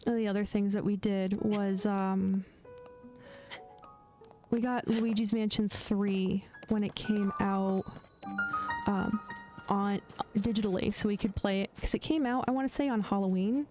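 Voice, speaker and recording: A woman's voice: medium pitch, steady tone, a little slow, pauses often, dark tone. Chatty woman streamer over game music. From United States. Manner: chatty, laughs often, many fillers and restarts. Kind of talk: casual chat while gaming.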